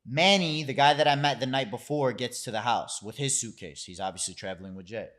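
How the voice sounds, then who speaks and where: A man's voice: mid-range voice, brisk. A young man, a founder and podcast guest, telling a story in casual conversation, swearing freely and acting out what others said. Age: young adult. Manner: animated storyteller who curses freely and acts out quotes.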